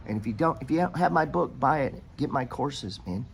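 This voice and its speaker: A man's voice: on the high side, a little fast, creaky, few pauses, slight background noise. A middle-aged American man hosting a podcast, giving money advice in a blunt, profane, rambling motivational rant. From United States.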